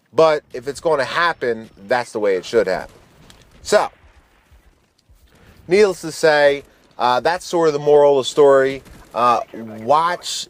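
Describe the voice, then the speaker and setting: With a voice pitched a little high, a man in his thirties narrates a casual story while gaming on his own channel. He sounds relaxed, swears and uses slang, and restarts his thoughts a lot.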